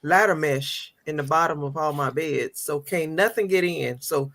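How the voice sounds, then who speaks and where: A woman gardener in a casual chat, telling a story in an unhurried way. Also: low-pitched, fairly bright tone, dry recording, studio quality.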